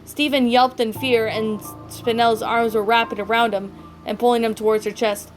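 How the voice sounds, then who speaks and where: A woman's voice: a little high, little pitch movement, moderate pace. A woman narrating a fan story aloud, often stumbling and correcting herself. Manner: stumbling, self-correcting reading. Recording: faint background music.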